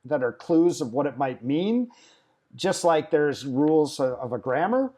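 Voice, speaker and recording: A man's voice: fairly high pitch, big pitch swings, unhurried, warm tone. A man hosting a casual conversation from his house, reflecting and thinking aloud.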